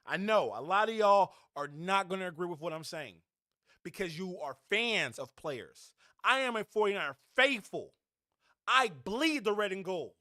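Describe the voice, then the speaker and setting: A man's voice: sits high, lively intonation, normal speed, bright, forceful tone, no echo, clean studio sound. A man hosting a fan podcast, delivering a blunt, heated, preachy sports rant.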